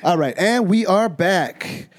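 A man's voice: sits high, expressive, slow, over loud music. A man hosting a podcast in casual chat, rambling and stammering, swearing freely as he talks fight sports. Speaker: podcast host.

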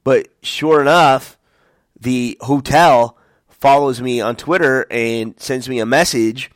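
Man in his forties telling an animated story. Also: mid-range voice, slow pace, dry recording. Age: 40s. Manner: animated storytelling, acts out quotes. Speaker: podcast host. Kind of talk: casual solo monologue.

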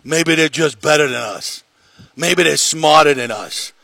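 A man impersonating a loud, brash male New York sports radio host, with a New York accent and a gravelly, husky voice. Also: fairly high pitch, unhurried, no echo, heavily acted. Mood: mocking, blustery.

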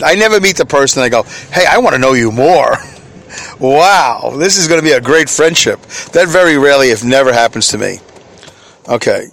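A man's voice: medium pitch, a bit bright. A middle-aged man hosting a solo podcast from inside his vehicle, rambling, chuckling at himself and answering his own questions. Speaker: podcast host.

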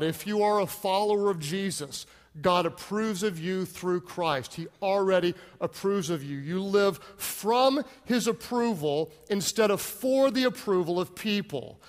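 A man's voice: high voice, animated, unhurried, big-room sound. A male pastor giving an emphatic sermon, leading call-and-response.

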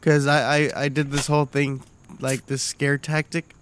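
Laughing, foul-mouthed podcast dad, slightly high. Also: male voice, level tone, normal speed, clean tone. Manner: swears freely, laughs often, acts out voices in stories. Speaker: podcast co-host; father. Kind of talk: casual crude banter.

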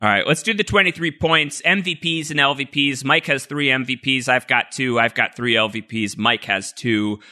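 A man's voice: medium pitch, moderate pace, hardly any pauses, sharp tone. A man co-hosting a casual podcast, reading out listener mail with lots of fillers and easy laughs. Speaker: podcast co-host. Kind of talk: casual chat.

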